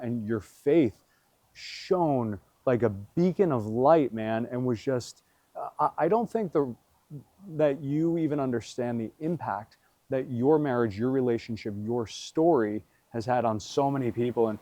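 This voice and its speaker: A man's voice: mid-range voice, mellow, no room sound. A man hosting an interview, speaking candidly and with enthusiasm, often saying "man". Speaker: podcast host.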